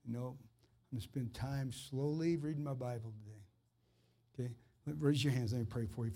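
An earnest man in informal ministry, talking straight to one listener in a plain, conversational flow. His voice sits at an ordinary middle pitch, neither deep nor high, and carries a fervent edge. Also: normal speed, long pauses, mellow, slightly rough, soft background music. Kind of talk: informal preaching and personal ministry.

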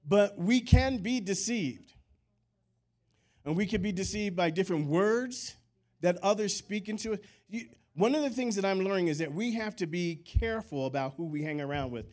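A man's voice: sits high, moderate pace. A man preaching a sermon, calling out for amens and telling chatty stories between his points. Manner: animated preaching with call-and-response; conversational storytelling asides. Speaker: pastor.

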